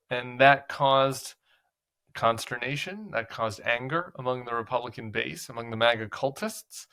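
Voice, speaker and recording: A man's voice: medium pitch, a bit bright. A man hosting political commentary, talking casually with a sarcastic, mocking edge.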